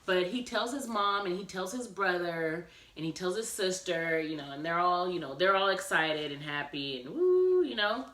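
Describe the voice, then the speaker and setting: A woman's voice: fairly low pitch, expressive, moderate pace, few pauses, a bit bright. A woman telling a personal story in a casual vlog, chatty and acting out the dialogue as she goes. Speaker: vlogger. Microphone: phone camera. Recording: echoey room, mic at a distance.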